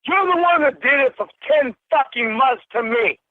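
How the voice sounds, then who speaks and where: A man rages through a phone call, his voice pitched unusually high for a man. He swears and accuses without pause. The line is thin and tinny, with a dry, close sound. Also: lively intonation, no room sound. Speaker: caller. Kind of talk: angry phone confrontation.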